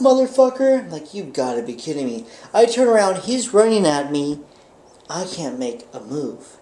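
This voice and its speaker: A man's voice: sits high, a little mellow. A guy telling a fight story to the camera in a vlog, acting out the action with sound effects. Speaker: vlogger.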